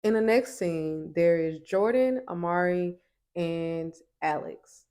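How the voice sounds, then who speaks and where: A woman's voice: fairly low pitch, slow, mellow. A woman reviewing a TV show in a casual recap, sassy and emphatic.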